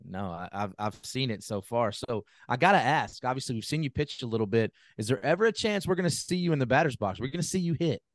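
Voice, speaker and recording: A man's voice: mid-range voice, lively intonation, fast talker, few pauses, no echo. A man hosting an interview, asking long, enthusiastic questions in a folksy, casual way. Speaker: podcast host.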